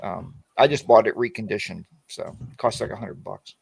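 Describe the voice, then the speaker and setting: A man's voice: on the low side, normal speed, vocal fry, breathy edge, dry recording. A man hosting a casual live chat, rambling and joking, often starting sentences over. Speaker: podcast host.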